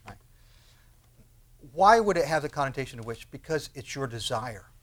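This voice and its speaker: A man preaching a sermon in a conversational, animated way, acting out prayers and asking rhetorical questions. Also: mid-range voice, moderate pace. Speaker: pastor.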